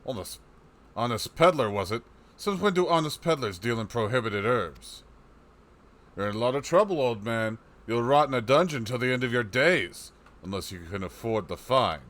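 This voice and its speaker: A man's voice: mid-range voice, lively intonation, normal speed, fairly bright tone, lightly acted. A man voicing a stern, officious male soldier who barks orders and threats. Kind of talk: reading game dialogue aloud on a livestream.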